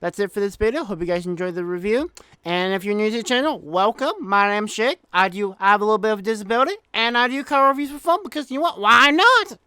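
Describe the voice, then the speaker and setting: A young American man hosting a casual car review vlog, talking in an excitable, jokey way with many restarts. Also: high voice, fast talker, clear, resonant tone, dry recording. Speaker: car reviewer, channel host.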